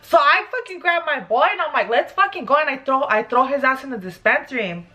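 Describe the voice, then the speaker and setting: A young woman vlogger telling a story casually while doing her makeup, animated and profane, with constant "like" fillers. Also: high voice, fairly quick. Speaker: beauty vlogger.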